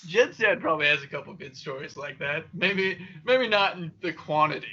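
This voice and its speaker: Dude, swears a lot, bright edgy voice, cranks up high for his dad impressions, muffled podcast audio. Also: lively intonation, moderate pace, breathy edge. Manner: profane storyteller, loud high-pitched impressions of his dad. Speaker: podcast co-host. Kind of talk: casual chat.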